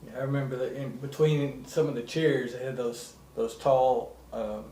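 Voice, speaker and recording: A man's voice: mid-range voice, fairly even intonation, normal speed, warm tone, poor audio. A man conducting an oral history interview, prompting with questions and short agreement.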